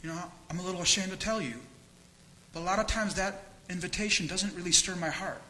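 A man's voice: sits high, a little fast, bright, forceful tone, a little hiss or hum, poor audio. A man preaching a sermon as pastor, earnest and candid, repeating phrases for emphasis. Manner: candid, self-disclosing.

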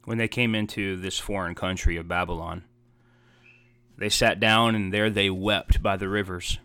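Low, smooth-voiced earnest male preacher. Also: fairly even intonation, normal speed, sharp tone, dry recording. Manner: earnest, heartfelt preaching with rising emphatic repetitions. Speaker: pastor. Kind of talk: sermon.

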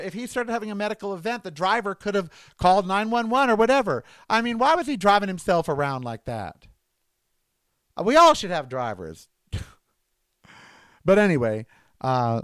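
A man's voice: fairly high pitch, no room sound. A man hosting a talk show, delivering a rambling political monologue that slides between sarcastic rants and personal stories. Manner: ranting, sarcastic, digressive. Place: Desert Breeze area, Southern California.

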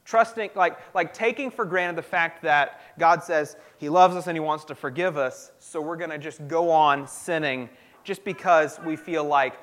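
A man with a notably high voice delivers a sermon as a pastor. He talks in an earnest, conversational way and often circles back to restart his sentences. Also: moderate pace, a bit bright.

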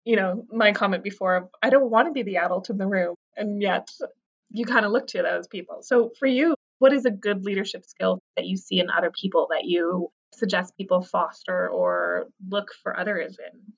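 A woman's voice: mid-range voice, normal speed, husky, dull audio. Upbeat woman host asking questions. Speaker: interviewer. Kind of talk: interview hosting.

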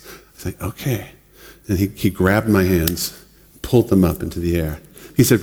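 A man preaching a sermon in a relaxed, conversational way, often laughing and acting out other people's words. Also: low voice, moderate pace. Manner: conversational, laughs often, acts out quoted voices. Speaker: pastor. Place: church hall. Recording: long reverb of a church hall.

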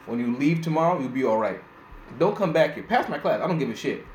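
Young male podcast co-host, blunt and profane, animated delivery, roomy echo, light noise. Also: fairly high pitch, fast talker. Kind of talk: casual podcast chat. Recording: echoey room, faint background noise.

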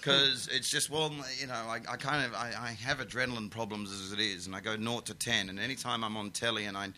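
A man and comedian talking casually, animated, with stammering restarts. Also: fairly low pitch, a little fast, slight background noise. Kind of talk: casual conversation.

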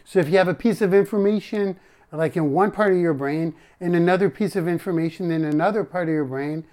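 A man's voice: high-pitched, a little fast, dark tone. A man live streaming a casual monologue, rambling and correcting himself as he talks to his chat.

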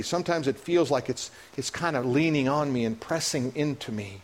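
Pastor in church: a man with a fairly high voice, preaching with rising passion and frequent restarts. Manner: impassioned, rising to high emotional peaks; halting restarts and repetitions. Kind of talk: sermon. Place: church sanctuary.

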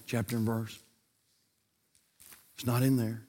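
A man preaching a sermon as pastor of a church, telling a story dramatically, swinging from hushed tones to shouting, then praying aloud softly. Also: normal speed. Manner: prays aloud in a soft, low voice. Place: church service.

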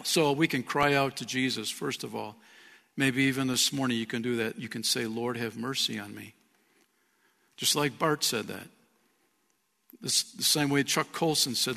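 A man's voice: medium pitch, normal speed, creaky, bright, forceful tone, big-room sound. A man preaching a sermon as pastor, earnest, speaking with rhetorical questions to his congregation. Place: church sanctuary.

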